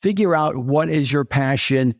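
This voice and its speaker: A man's voice: on the high side, normal speed, dry recording, clean studio sound. An older man, a retired dentist and podcast guest, who tells stories with energy, repeats his key points and acts out what people said. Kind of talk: conversational interview storytelling.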